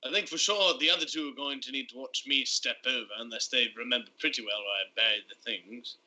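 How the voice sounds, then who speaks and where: Bright-voiced anxious male player. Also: mid-range voice, quick pace, low-quality recording. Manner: anxious, repetitive, comic babbling. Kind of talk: playing a character in a tabletop game.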